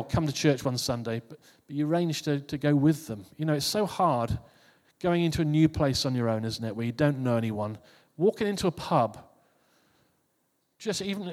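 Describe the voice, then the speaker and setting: A man with a somewhat high, slightly mellow voice delivers an informal sermon. Talking to the congregation as if in conversation, he repeats himself and restarts phrases. Long hall reverb surrounds the recording.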